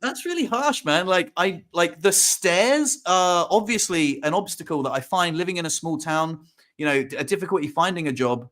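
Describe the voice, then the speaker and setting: A man co-hosting a podcast, telling stories in casual video-call chat, halting and full of restarts. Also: on the high side, a bit bright. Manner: halting, many restarts and fillers. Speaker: podcast co-host.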